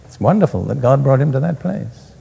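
A man's voice: mid-range voice, very animated, brisk, vocal fry, dark tone, breathy edge. A man preaching a sermon, reading scripture aloud and then explaining it in plain words, recorded in a reverberant hall.

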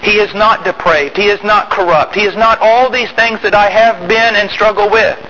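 A man preaching a sermon, emphatic, swinging from loud rising outbursts to quiet low asides. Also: normal speed, highs cut off, a little hiss or hum.

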